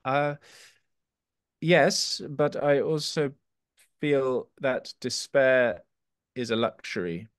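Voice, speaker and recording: A man, an author being interviewed, who speaks haltingly with many restarts and reads his poems slowly. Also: mid-range voice, clear, resonant tone, dry recording, studio quality. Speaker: author guest. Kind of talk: interview and poetry reading.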